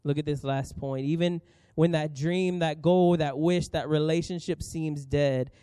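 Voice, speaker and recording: A man in his thirties preaching a sermon as pastor, earnest and emphatic with dramatic pauses. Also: medium pitch, warm tone, no echo.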